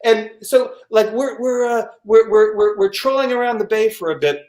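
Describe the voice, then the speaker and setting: A man telling a personal story at a live storytelling show, animated and full of restarts and vocal sound effects. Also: high-pitched, moderate pace. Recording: echoey room.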